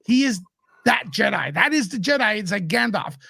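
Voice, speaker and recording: A man's voice: high voice, sing-song, moderate pace, gravelly, bright, forceful tone, slightly rough, no room sound, clean studio sound. A man who is a guest commentator in a casual podcast chat, ranting with passion and frustration.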